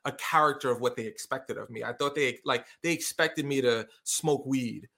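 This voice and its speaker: A middle-aged man with a bright, forceful voice tells stories in a relaxed conversation. He slips into quick impressions of what others said, keeping his delivery lively. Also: medium pitch, gravelly. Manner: animated storyteller, acts out quotes. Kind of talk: casual conversation.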